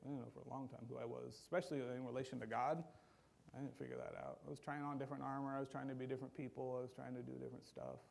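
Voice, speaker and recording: A man preaching a sermon in a church, talking in a conversational, animated way and acting out quotes along the way. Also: mid-range voice, racing, gravelly. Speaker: pastor.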